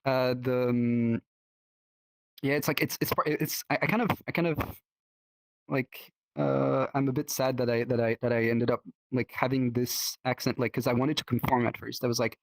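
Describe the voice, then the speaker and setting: A man's voice: medium pitch, fairly even intonation, creaky, no room sound. A man with a French accent, a native French speaker talking in English, chatting casually as a podcast guest, full of restarts and fillers. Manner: halting, many restarts and fillers. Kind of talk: casual chat.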